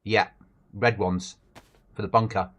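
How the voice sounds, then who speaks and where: Guy on a game stream, lowish voice, swears a lot, chatty. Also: flat delivery, unhurried, a bit bright, breathy edge. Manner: swears casually, chatty, laughs often. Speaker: livestreamer. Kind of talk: casual gaming chat.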